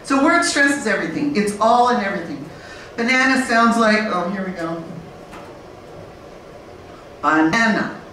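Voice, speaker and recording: A woman speaking on a conference panel in a lively, blunt way, acting out learners and babies. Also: mid-range voice, brisk. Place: conference room. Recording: very echoey room from far off, faint noise.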